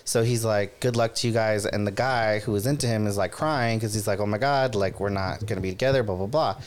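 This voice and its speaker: A man in casual chat, retelling a story with lively quoted voices. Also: on the low side, brisk. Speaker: podcast co-host.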